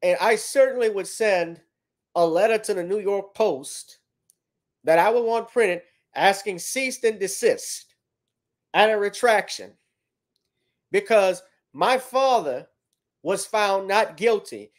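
A man with a high-set voice rants through his commentary, blunt and profane. He hammers his points hard and swears freely. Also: expressive, slow, long pauses. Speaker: commentary host. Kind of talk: ranting commentary.

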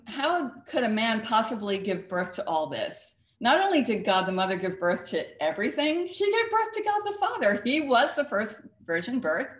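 A woman author and cartoonist being interviewed on a talk show, talking emphatically with a storyteller's flair. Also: medium pitch. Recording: echoey studio room.

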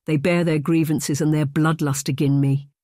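A blustering, drunken Scottish laird bellows and bullies at the dinner table, as an audiobook narrator puts him on. His voice jumps well above the narrator's usual pitch, loud and harsh in a dry, close recording. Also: level tone, moderate pace, no room sound, natural voice. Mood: angry bellowing. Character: angry drunken Scottish laird, middle-aged man, bullying.

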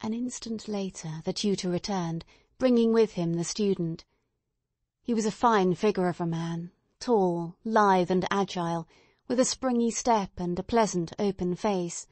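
A woman narrating an audiobook in a soft, measured storytelling manner. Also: mid-range voice, dry recording. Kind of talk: scripted narration.

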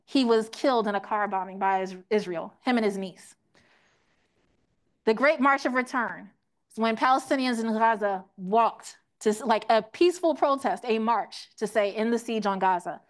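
Brief: young woman, highish voice, lecturing a group, asks questions, acts out quotes. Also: moderate pace. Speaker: teach-in speaker. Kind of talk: interactive classroom lecture.

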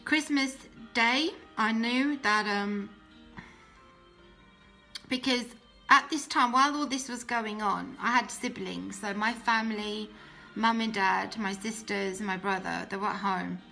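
A young woman giving an emotional personal testimony, earnest and often dropping to a soft voice. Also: mid-range voice, a little slow, creaky, faint music behind. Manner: earnest, emotional, drops soft and quiet when quoting herself. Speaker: guest telling her testimony.

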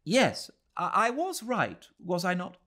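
A man voicing an elderly Englishwoman who is gentle, polite and quietly insistent, in a high breathy voice. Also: huge pitch swings, slow pace, heavily acted. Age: older. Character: elderly Englishwoman, gentle, startled yet firm.

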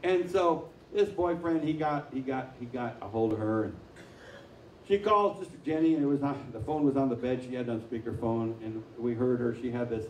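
Echoey, mellow-voiced male pastor preaching. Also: medium pitch, fairly quick, slight background noise. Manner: conversational storytelling, acting out quotes. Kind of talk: sermon. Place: church sanctuary. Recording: echoey room, mic from far off.

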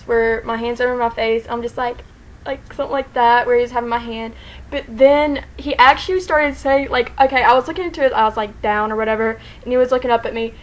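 A woman telling a story to the camera in a casual vlog, excited and rambling, saying "like" constantly and laughing often. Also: fairly high pitch, poor audio. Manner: excited, rambling, heavy use of "like", frequent laughter.

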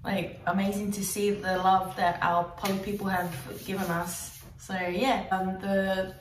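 A woman with an Australian accent hosting a casual vlog, chatting with lots of ums and likes and quick giggles. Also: mid-range voice, flat delivery. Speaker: vlogger host. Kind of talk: casual chat. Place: at home with kids. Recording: roomy, distant mic, faint noise.

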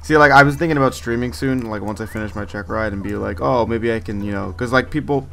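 A man's voice: mid-range voice, fast, vocal fry, sharp tone, a little hiss or hum. A man playing a video game as a guest, chatting casually, rambling and joking, with lots of "like" and "you know". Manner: rambling and jokey, many "like" and "you know" fillers. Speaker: guest gamer.

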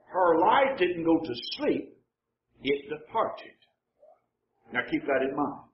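Man pastor preaching slow, bit higher voice, dull echoey church recording. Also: big pitch swings, a little hiss or hum. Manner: slow, measured preaching with pauses. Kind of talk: sermon. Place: church sanctuary. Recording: roomy church sound, slightly dull.

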